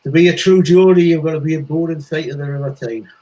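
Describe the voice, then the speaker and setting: Quick-talking man with a dark voice. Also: a little high. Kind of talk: casual chat. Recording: dull lo-fi sound.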